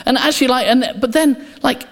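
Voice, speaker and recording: A man preaching a passionate sermon in church, repeating key phrases and dropping to quiet intensity. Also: extremely high pitch, fairly quick, vocal fry. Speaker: pastor. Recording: echoey church hall, soft guitar behind.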